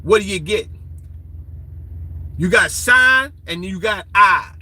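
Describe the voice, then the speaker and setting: A man's voice: sits high, expressive, slow, pushed and bright, slightly rough, low-quality recording. A man giving a profane, ranting lecture, taunting and quizzing his listeners in a confrontational way. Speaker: online lecturer.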